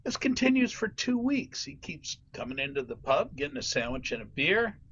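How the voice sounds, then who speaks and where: A man's voice: fairly high pitch, normal speed, slightly rough. A man telling a joke at a club meeting over a video call, laughing as he goes. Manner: laughing, animated storytelling. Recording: dull lo-fi video call audio.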